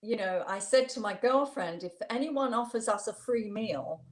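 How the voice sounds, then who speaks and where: A woman's voice: on the high side, animated, moderate pace. Amused older woman telling a story. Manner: warm, amused, laughs while telling stories. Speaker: guest. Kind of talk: storytelling interview.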